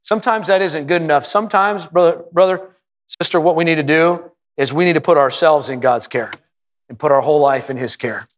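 Male pastor, fervent sermon delivery, slightly high voice, long church reverb. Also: fairly quick. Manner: impassioned preaching, rising to high emphatic peaks. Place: church auditorium.

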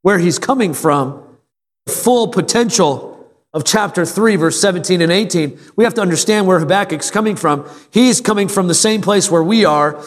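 A man's voice: sits high, moderate pace. Earnest man preaching in an echoing sanctuary. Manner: earnest, emphatic preaching with repeated phrases. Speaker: pastor. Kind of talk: sermon. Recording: long reverb of a large room.

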